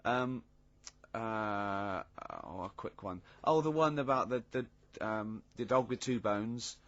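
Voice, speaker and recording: Teasing, stammering radio host. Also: male voice, a bit bright. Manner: halting, teasing, bursts into high laughter. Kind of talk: casual radio banter. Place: radio studio. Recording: dull lo-fi radio recording, dry.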